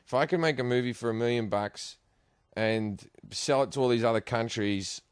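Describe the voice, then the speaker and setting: A man's voice: mid-range voice, moderate pace, clear, resonant tone, dry recording, clean studio sound. A man telling profane, laughing anecdotes in casual chat, acting out the voices of the people in them. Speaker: guest comedian. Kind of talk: animated storytelling chat.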